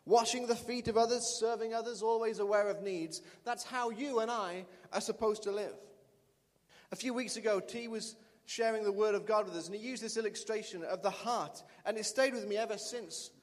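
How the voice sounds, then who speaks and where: High-voiced preaching man in a hall. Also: normal speed. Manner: emphatic, repeats lines for the congregation. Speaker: pastor. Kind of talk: sermon. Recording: long reverb of a large hall.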